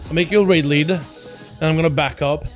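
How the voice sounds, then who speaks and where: A man with a hoarse, scratchy voice, hosting a live game stream, chatting with viewers and calling matches play-by-play. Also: a little high, steady tone, fairly quick, soft background music. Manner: friendly, addresses chat as boys.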